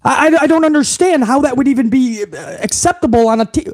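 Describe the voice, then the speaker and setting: A man's voice: extremely high pitch, fairly quick, few pauses, dry recording. A man hosting a wrestling podcast, recapping the show in a heated, profane rant full of incredulous repeats. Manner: heated, swearing, incredulous, talks over himself with repeats.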